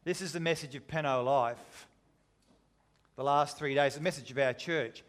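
A man's voice: a little high, normal speed. A man preaching a sermon, retelling a story with dramatic, shifting intensity. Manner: dramatic, shifting between loud and hushed.

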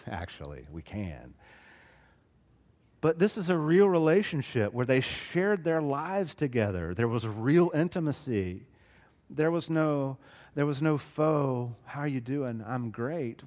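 A middle-aged man from Southeast Alabama with a Southern accent, preaching a sermon earnestly, swinging between loud emphasis and hushed asides. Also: medium pitch, big pitch swings, slow pace. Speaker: pastor. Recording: long reverb of a large hall.

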